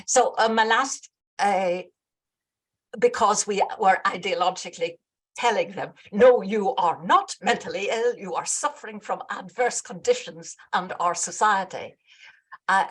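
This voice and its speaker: British woman audience member, lowish voice, hesitant, presses to finish her question. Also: vocal fry. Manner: hesitant, many fillers, holds the floor.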